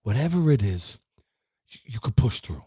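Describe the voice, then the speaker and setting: A man's voice: medium pitch, big pitch swings, moderate pace, warm tone, slightly rough, dry recording, clean studio sound. A middle-aged man hosting a live motivational stream, talking straight to his viewers and the chat. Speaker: host of a live positivity show.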